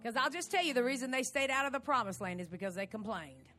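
A woman's voice: a little high, lively intonation, fast talker, pushed and bright, soft background music. A woman preaching in a church service, trading jokes with a co-preacher and calling out praises. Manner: exclamatory, praising, jokey. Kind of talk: lively preaching with banter.

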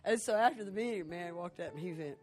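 A woman's voice: fairly low pitch, fast talker, a little mellow. Woman telling church stories. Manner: rambling, acts out quotes. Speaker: co-preacher. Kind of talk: storytelling in a sermon.

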